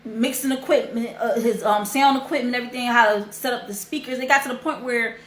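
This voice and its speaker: A woman's voice: a little high, steady tone, fairly quick. Emotional woman host in an echoey room. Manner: heartfelt, chatty, repeats herself. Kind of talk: casual storytelling on a livestream. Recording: roomy echo.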